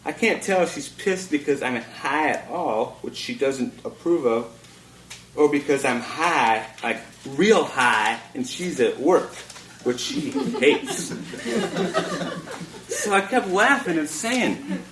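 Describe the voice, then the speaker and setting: A man's voice: medium pitch, expressive, slow, fairly bright tone. A man performing a comic spoken-word monologue at a bookshop reading, drawling wryly and chuckling through his lines. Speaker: performance poet. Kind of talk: live spoken-word storytelling. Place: bookshop reading before an audience. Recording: roomy 1980s live recording with faint hiss.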